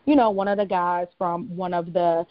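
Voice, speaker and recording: Over the hum of a fan in a dull lo-fi home recording, a Southern US-accented woman co-hosts a casual podcast chat. Her pitch is fairly low, her intonation fairly even, and she speaks at normal speed. She's chatty, laughs often and leans on "you know" a lot.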